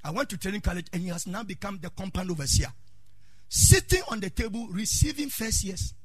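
A middle-aged Ghanaian man preaching a sermon as pastor, calling out to the congregation, shouting in a sing-song way and telling stories from his own life. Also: high-pitched, lively intonation, a little fast, breathy edge, dry recording, studio quality.

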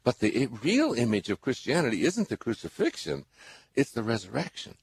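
A man's voice: medium pitch, wildly swooping pitch, fairly quick, slight background noise. An older man hosting a radio call-in, giving spiritual advice in an earnest, rambling way, with many restarts. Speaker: radio show host.

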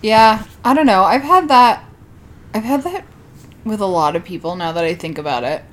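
A woman's voice: mid-range voice, moderate pace. A woman hosting a casual podcast, recapping episodes, laughing often and swearing.

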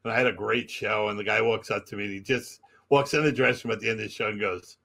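A man's voice: fairly low pitch, fairly even intonation, fast, creaky, sharp tone, a little hiss or hum. A man co-hosting a comedy podcast, telling a self-deprecating story and acting out the dialogue. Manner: self-deprecating, plays both sides of dialogue. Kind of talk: casual chat, storytelling.

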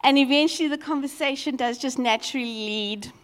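A woman preaching a sermon as a lively, expressive storyteller. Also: high voice, a little fast, clear, resonant tone, in a large hall.

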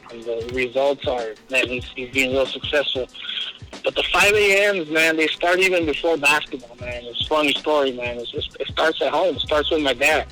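A middle-aged man, a high school basketball coach from Southern California, telling a story in a casual interview and peppering his speech with "man" and "you know.". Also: sharp tone, low-quality recording.

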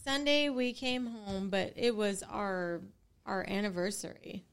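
A young woman in casual chat, telling a story with lively quotes and casual swearing. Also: medium pitch, a little slow, clear, resonant tone. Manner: animated, swears freely, acts out quotes.

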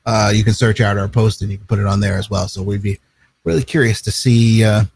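A man's voice: on the low side, fairly even intonation, a little fast, darkish tone, slightly rough, no room sound. A man co-hosting a casual chat show, talking in an easygoing, rambling way and laughing often. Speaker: co-host.

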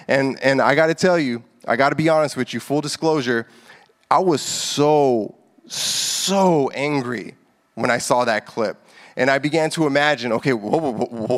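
A man's voice: mid-range voice, fairly bright tone. A man in his thirties, a pastor, preaching in a casual, conversational way that builds to heated emphasis. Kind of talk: casual sermon. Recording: echoey hall with long reverb.

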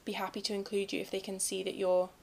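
A young woman from England talks in a relaxed, chatty way, circling her points with fillers. Her voice has a gravelly, fried edge. She sits at an ordinary middle pitch. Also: fast, a little hiss or hum. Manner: chatty, thoughtful, lots of fillers. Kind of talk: casual chat.

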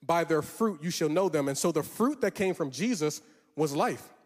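A man with a high voice preaches, lifting his lines into a sing-song cadence and stretching words for weight. His voice rings with a long reverb off a large hall. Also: animated, moderate pace. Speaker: pastor. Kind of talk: sermon.

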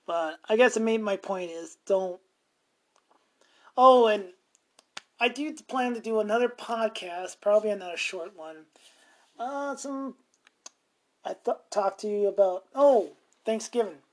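A man's voice: high-pitched, measured pace, pauses often. A middle-aged man hosting a podcast, telling stories in a rambling, profane way and chuckling often. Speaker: podcast host. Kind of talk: casual storytelling monologue.

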